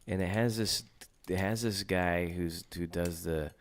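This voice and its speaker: A man's voice: low-pitched, a little slow. A man hosting a podcast in casual chat, stammering often and swearing freely. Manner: stammering, profane, animated. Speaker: podcast host.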